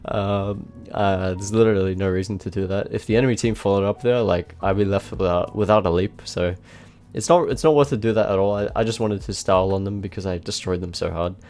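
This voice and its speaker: Young man, casual rambling gameplay commentary, swears a lot, lowish voice. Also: fairly even intonation, darkish tone. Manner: casual and rambling, swears often, quick restarts. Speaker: gaming video creator. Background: faint background music.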